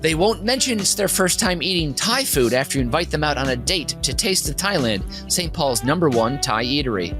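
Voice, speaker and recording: A man's voice: on the high side, expressive, fairly quick, few pauses, music in the background. A man from Minnesota hosting a comedy podcast, reading a comic top-five list in a rambling, giggly way that keeps interrupting itself. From Minnesota, USA. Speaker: podcast host.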